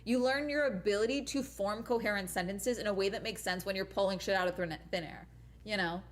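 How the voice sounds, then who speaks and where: A woman's voice: mid-range voice, a little fast. A young adult woman streamer and teacher chatting casually, rambling and swearing with lots of "like" and "you know", laughing often. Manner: laughs often mid-sentence. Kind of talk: casual chat.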